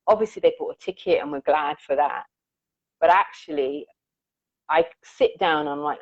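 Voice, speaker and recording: A woman's voice: deep voice, normal speed, no room sound. A woman musician being interviewed, talking earnestly and reflectively about her work and telling stories. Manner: reflective, earnest, acts out quoted lines. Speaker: musician guest. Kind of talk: conversational interview storytelling. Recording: dull, dry lo-fi audio.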